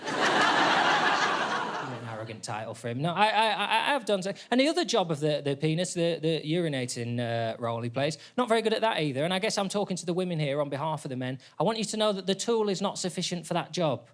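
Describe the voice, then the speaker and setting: Talking fast in a fairly high-pitched voice, a stand-up comedian works a theatre stage. He delivers wry, deadpan, self-deprecating material as the audience laughs.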